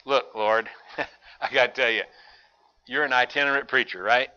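A man's voice: mid-range voice, steady tone, moderate pace, sharp tone, clean tone. A preacher doing a tired, blunt fisherman. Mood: exasperated. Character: weary adult male fisherman, blunt and doubtful. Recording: dull lo-fi recording.

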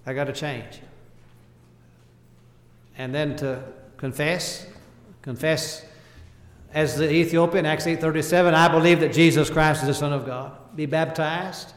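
A man delivers a sermon in a fairly high voice, pressing each point in short, earnest phrases and slipping into King James wording when he quotes scripture. His voice rings out in a roomy hall with a long reverb tail. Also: steady tone, a little slow. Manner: speaks in short emphatic phrases, voice rising and falling in volume. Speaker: preacher.

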